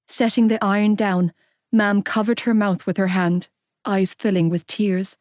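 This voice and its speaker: A woman narrating a romance audiobook in a steady, measured way. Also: medium pitch, dry recording, clean studio sound. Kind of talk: scripted narration.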